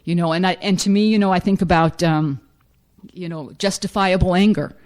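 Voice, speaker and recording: A woman's voice: lowish voice, a little fast, a little mellow. A middle-aged woman giving a frank, self-mocking personal recovery testimony as a speaker at a meeting.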